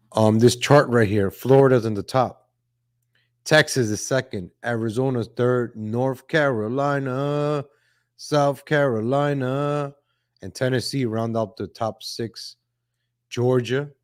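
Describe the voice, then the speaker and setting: A man hosting a casual political commentary livestream, talking in a chatty, repetitive way, greeting viewers from the chat and often saying "ladies and gentlemen". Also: mid-range voice, dry recording, studio quality. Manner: reads viewer chat names aloud. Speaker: livestream host.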